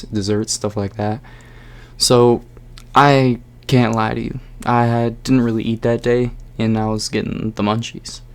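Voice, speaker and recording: A man's voice: lowish voice, vocal fry. A young man telling a personal story in a casual vlog, rambling with lots of fillers.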